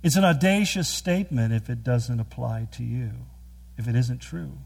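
A man preaching a sermon, earnest and emphatic, with quick storytelling asides. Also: mid-range voice, vocal fry, darkish tone, slightly rough. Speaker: pastor.

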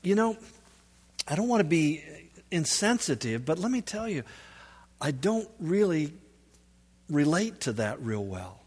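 A man's voice: fairly high pitch, sing-song, unhurried, pauses often, husky. A man giving a sermon as a pastor, telling stories in a conversational way and building up to emphatic peaks. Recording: long hall reverb.

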